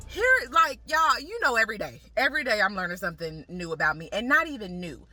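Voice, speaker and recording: A woman's voice: mid-range voice, expressive, fast, sharp tone, soft background music. A young woman talking casually to camera in a lifestyle vlog, chatty and slangy, laughing often. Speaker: lifestyle vlogger.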